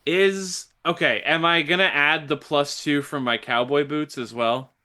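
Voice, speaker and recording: A man's voice: on the high side, fairly even intonation, unhurried, sharp tone, smooth. A man casually playing a tabletop role-playing game, joking as he describes his moves. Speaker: player.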